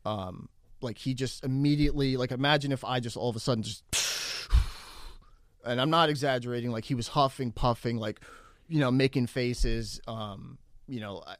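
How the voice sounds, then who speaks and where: A man casually telling a story as a guest, animated and acting out what people said, with lots of fillers. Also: medium pitch, normal speed, no room sound, studio quality. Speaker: comedian guest.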